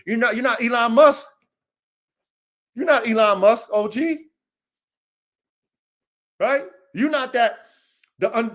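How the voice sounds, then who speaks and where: A man hosting a livestream podcast, talking in a slangy, confrontational way, with low mutters and loud emphatic bursts. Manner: confrontational, slangy, repeats a taunting catchphrase. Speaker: podcast host, dog breeder.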